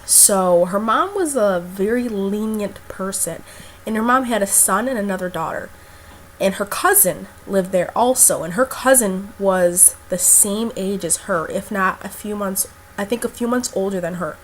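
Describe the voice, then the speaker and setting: This is a young woman telling a story straight to her viewers in a loose, rambling way. She is blunt and swears freely, piling on fillers as she goes, and her voice sits at an ordinary pitch for a woman. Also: moderate pace, a little hiss or hum. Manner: chatty, blunt and profane, with lots of fillers. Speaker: vlogger. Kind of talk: casual storytelling to camera.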